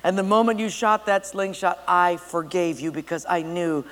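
A man playing a kind, wise old grandfather in a story, speaking calmly and gently. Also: high-pitched, moderate pace, slight background noise. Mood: gentle. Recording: long hall reverb.

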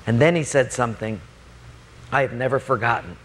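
A male pastor preaching a storytelling sermon, acting out scenes with big swings in pitch and loudness. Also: fairly quick, long pauses, in a large hall, a little hiss or hum.

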